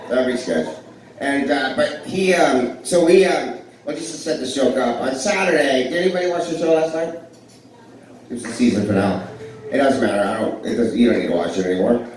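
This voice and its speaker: A man's voice: medium pitch, a little fast, darkish tone, a little hiss or hum. Rambling man doing stand-up in an echoey club. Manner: rambling, self-deprecating, many fillers and restarts. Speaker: stand-up comedian. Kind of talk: live stand-up with crowd work. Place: small club with live audience. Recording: echoey, distant live club recording.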